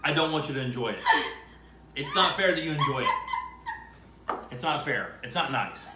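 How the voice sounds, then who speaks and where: A man's voice: on the high side, huge pitch swings, moderate pace, reverberant, very noisy. A man hosting a casual cooking demonstration, bantering and mock-indignant while he explains each step. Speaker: cooking show host.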